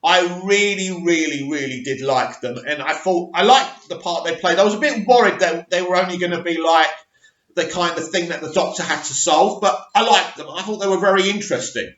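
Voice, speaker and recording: A man giving an opinionated, animated review of a TV episode and talking straight to his viewers. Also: high voice, a little fast. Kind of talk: casual reaction review. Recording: echoey, slightly dull recording.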